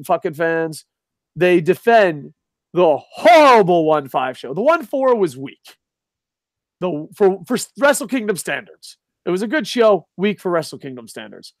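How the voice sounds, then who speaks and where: Man, high-pitched voice, heated swearing rant, dry close sound. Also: very animated, moderate pace, no room sound. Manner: profane, heated ranting. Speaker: podcast co-host. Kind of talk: casual wrestling talk.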